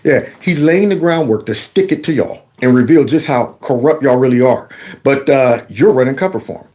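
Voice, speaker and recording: A man's voice: mid-range voice, animated, normal speed, warm tone. A man hosting a political commentary show, reacting to news clips with sarcastic, mocking rhetorical questions and casual colloquial talk. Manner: casual colloquial speech with y'all.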